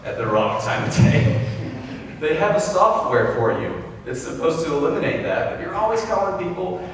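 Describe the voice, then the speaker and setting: A man's voice: a little high, sing-song, moderate pace, slight background noise. A young man from Texas doing a rambling, self-amused stand-up comedy set on stage. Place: large hall with a live audience. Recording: echoey hall recording from far off.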